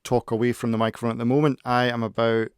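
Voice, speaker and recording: A man's voice: mid-range voice, little pitch movement, fast talker, clear, resonant tone, no echo. A man giving a casual tech review into a close studio mic at his desk, rambling and hesitant, with many restarts. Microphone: close-up studio microphone.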